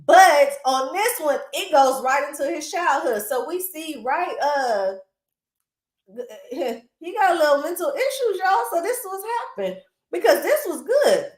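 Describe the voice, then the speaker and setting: A woman hosting a casual movie recap, animated and chatty, with lots of asides to her viewers, recorded in a roomy space. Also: high-pitched, unhurried. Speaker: film recap host. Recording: roomy echo.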